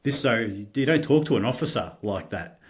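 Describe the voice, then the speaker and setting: A middle-aged man with an Australian accent, a podcast guest telling his own story candidly, halting and restarting often and swearing casually. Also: mid-range voice, lively intonation.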